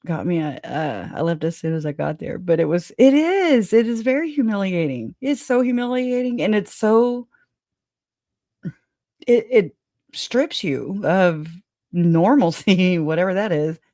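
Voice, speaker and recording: A woman's voice: on the low side, sing-song, a little slow, mellow, no room sound, studio quality. Rambling woman livestream host, laughing. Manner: rambling, laughs often, swears casually. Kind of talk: casual livestream chat.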